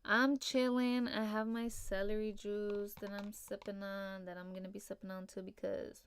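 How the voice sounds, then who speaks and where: A woman's voice: mid-range voice, monotone, moderate pace, a little mellow, a little hiss or hum. A young woman hosting a casual solo podcast, laid-back and rambling, full of fillers and casual swearing. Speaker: podcast host.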